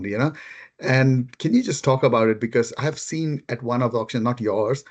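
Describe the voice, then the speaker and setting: A man hosting an interview, asking measured questions with a few hesitant fillers. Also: mid-range voice. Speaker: host.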